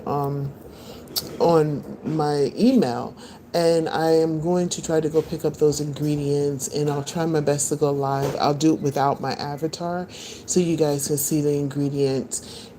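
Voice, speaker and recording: A woman's voice: sits low, mellow, slight background noise. A woman hosting a live-stream podcast, chatting loosely with her viewers and answering their comments. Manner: chatty, rambling, talks to viewers. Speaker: podcast host. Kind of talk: casual live-stream chat. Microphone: phone.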